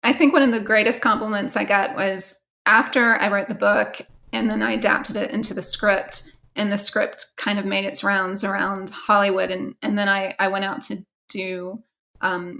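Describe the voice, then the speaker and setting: A woman's voice: medium pitch, little pitch movement, normal speed, pushed and bright. Woman, American accent, author guest, chatty, laughs often, casual interview.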